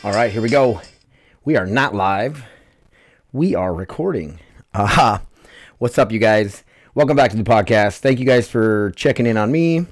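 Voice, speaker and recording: Speaking at normal speed in an animated, lowish voice, a podcast host rambles through a loose solo episode despite nerve pain. Fillers, curse words and self-deprecating jabs run throughout.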